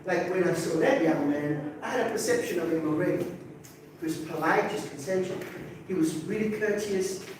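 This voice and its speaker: A man's voice: sits high, moderate pace, a little hiss or hum. A man in his sixties from Africa, teaching a class in a conversational way, asking rhetorical questions and checking in with "okay?". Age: 60s. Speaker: English teacher. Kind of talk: classroom talk to students. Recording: very echoey room from far off, faint ambience.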